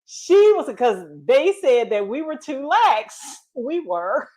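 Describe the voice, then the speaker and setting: A middle-aged woman telling stories in a casual chat, animated, often laughing and acting out quotes. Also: high voice, slow. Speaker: guest storyteller.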